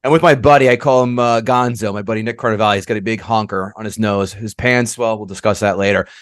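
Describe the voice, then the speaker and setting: A man's voice: on the low side, fairly even intonation, quick pace, no echo, clean studio sound. A man co-hosting a comedy sports betting podcast, reading a long list of bets and joking, a bit tongue-tied. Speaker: podcast co-host. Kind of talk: casual sports betting chat.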